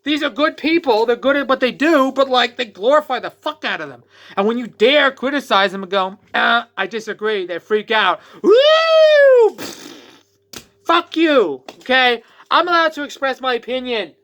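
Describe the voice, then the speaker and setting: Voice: medium pitch, lively intonation, brisk, bright, forceful tone. A vlogger ranting in a profane, sarcastic way, mocking other people in exaggerated voices. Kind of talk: ranting vlog.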